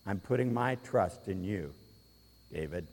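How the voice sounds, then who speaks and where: A man voicing a solemn hushed king. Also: mid-range voice, brisk, creaky, slightly rough. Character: grave old king, trusting and solemn. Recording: reverberant hall.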